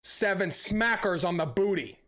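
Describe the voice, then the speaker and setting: The voice is high-pitched and measured: a young adult man ranting and swearing heavily while streaming a game. He tells stories animatedly in an easygoing live-stream chat.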